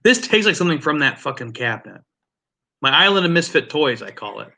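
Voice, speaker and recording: A man's voice: a little high, big pitch swings, brisk, gravelly, sharp tone. A man hosting a casual drinks livestream, rambling and joking with profane asides. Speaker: livestream host.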